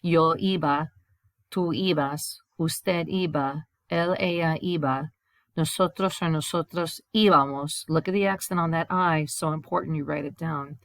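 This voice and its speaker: A woman with a low voice talks through a recorded grammar lesson, explaining each step and reading example sentences aloud before translating them. The sound is dry and close to the mic, with no room around it. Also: fairly even intonation, measured pace, no echo. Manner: explains step by step, reads examples in Spanish then English. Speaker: Spanish teacher.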